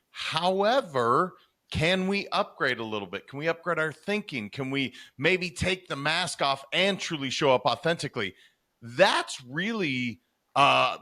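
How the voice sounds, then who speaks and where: Man, bright tone, earnest, emphatic, podcast host, coach. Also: medium pitch. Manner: earnest, emphatic, with rhetorical questions. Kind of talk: conversational interview.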